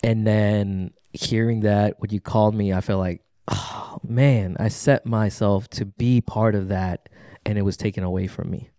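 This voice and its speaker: A man's voice: fairly low pitch, fairly even intonation, measured pace, dark tone, no room sound, clean studio sound. A man, a pastor, speaking in a heartfelt, affirming way and often agreeing with "yeah". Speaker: pastor and podcast host. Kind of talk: casual conversation.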